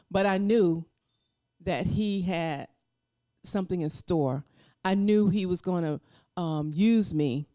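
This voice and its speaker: A woman guest and minister on a talk show, speaking slowly and reflectively about faith. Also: fairly low pitch, dark tone, no echo, clean studio sound. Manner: faith-filled, slow and reflective.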